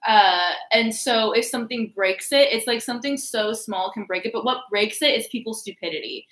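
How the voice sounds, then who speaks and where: A woman with a bright, clear voice talks over an astrology reading in an easy, relaxed way, thinking aloud with plenty of fillers. Her voice rings a little in a roomy, echoey space. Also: on the high side, moderate pace. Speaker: astrology reader. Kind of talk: casual astrology chat. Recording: roomy echo.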